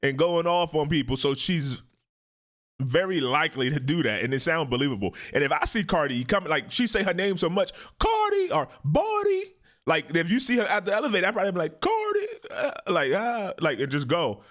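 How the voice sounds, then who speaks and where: Animated man reacting casually. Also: fairly quick. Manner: animated, jumps into high mocking impressions. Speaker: host. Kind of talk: casual commentary on a court video.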